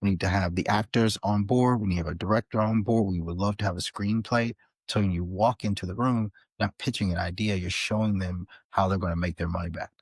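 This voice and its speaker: A man, a podcast guest, telling an animated story in a casual interview, with frequent restarts. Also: sits low, quick pace, husky, no echo. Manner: animated, many restarts and fillers. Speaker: podcast guest, author and filmmaker.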